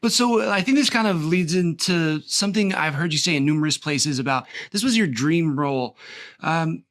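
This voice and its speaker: An upbeat man hosts a relaxed interview, laughing along easily. His voice sits a bit high. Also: moderate pace. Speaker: interview host. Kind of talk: casual interview chat.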